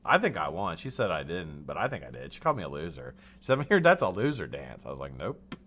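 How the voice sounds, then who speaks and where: Lively joking man, bright voice. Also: rumbling low, fast talker, a little hiss or hum. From United States. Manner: animated, joking, reads chat names aloud, swears. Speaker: livestream host. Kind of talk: casual live-stream chat.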